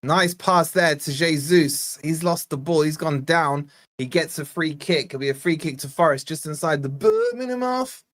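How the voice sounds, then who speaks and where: A man's voice: fairly high pitch, steady tone, moderate pace, few pauses, a bit bright. A man born in Scotland hosting a live football watch-along, giving casual play-by-play and bantering with his chat. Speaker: fan channel host.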